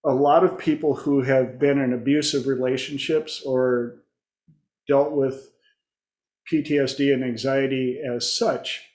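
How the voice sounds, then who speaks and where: Guy coach rambling slow, lots of uh and you know, roomy echo. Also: medium pitch, steady tone, a little mellow. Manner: rambling, digressive, with many fillers. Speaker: life coach host. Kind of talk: casual coaching talk.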